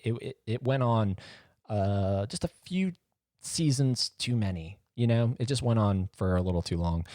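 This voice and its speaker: Man, podcast host, low voice, rambling, self-mocking jokes, dry close-mic sound. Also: a little mellow, no echo. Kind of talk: casual solo podcast monologue.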